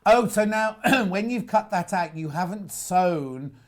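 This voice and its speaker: A man's voice: sits high, animated, slow. A man hosting a live shopping-TV sewing segment, asking short questions and making dry teasing asides. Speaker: shopping-TV host. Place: TV studio.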